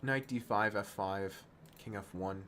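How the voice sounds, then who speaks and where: Excitable young-sounding male chess streamer. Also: fairly low pitch, slight background noise. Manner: excitable and self-mocking, talking fast through move lines; drops to quiet muttering when frustrated. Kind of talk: casual live-stream game commentary.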